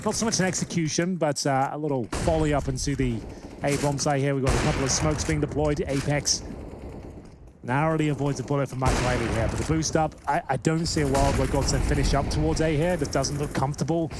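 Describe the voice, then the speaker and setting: A male esports analyst with a slightly high voice, breaking down plays in a chatty way full of "like" and "uh". Gunfire and game clicks run clearly behind him. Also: steady tone, quick pace, noisy background. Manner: chatty, filler-heavy analysis. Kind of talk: color commentary.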